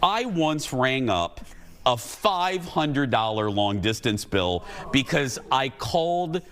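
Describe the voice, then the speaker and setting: A man's voice: medium pitch, slow pace, soft background music. A middle-aged man hosting a talk show, telling a comic, self-mocking story to a studio audience. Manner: chatty, self-mocking, animated.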